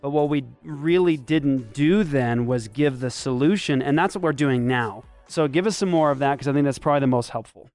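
A man hosting a talk show, upbeat and animated in casual banter. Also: mid-range voice, brisk, hardly any pauses, faint music behind. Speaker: host.

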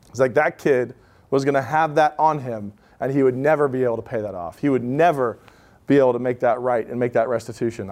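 Man in his thirties, live talk, chatty storytelling, asides, mid-pitched voice. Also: darkish tone. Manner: conversational storytelling, many "like" asides. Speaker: speaker at a live event. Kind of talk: informal talk with audience Q&A.

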